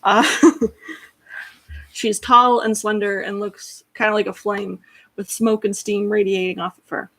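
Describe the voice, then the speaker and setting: A woman's voice: medium pitch, level tone, measured pace, vocal fry, pushed and bright, no echo. A woman telling a story in a chatty, self-deprecating way with frequent fillers. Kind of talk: casual storytelling.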